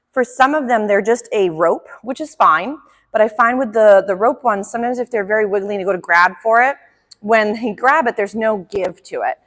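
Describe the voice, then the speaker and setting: A woman's voice: on the high side, fairly bright tone. A woman dog trainer giving a friendly, chatty demonstration lesson, talking through each step and praising the dog as she works. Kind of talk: instructional demonstration. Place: indoor training room. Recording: echoey room reverb.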